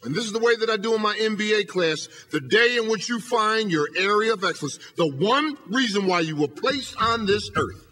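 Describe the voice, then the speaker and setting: A man's voice: high voice, lively intonation, normal speed, sharp tone. A man, a professor, giving an emphatic motivational speech from a podium, hammering home rhetorical questions. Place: lecture hall podium.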